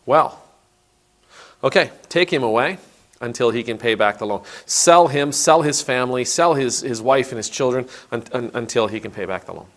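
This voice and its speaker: A man's voice: on the low side, a little fast, a bit bright. A man voicing a stern wealthy master who demands his money back, retelling a parable. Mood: demanding. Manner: demanding, then stern and indignant.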